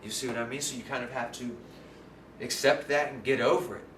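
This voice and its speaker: A man's voice: mid-range voice, fairly even intonation, brisk, fairly bright tone. Rambling man, echoey and far from mic. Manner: rambling, keeps asking "you know what I'm saying?". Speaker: channel host. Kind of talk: casual musing monologue. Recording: roomy, distant mic, faint background noise.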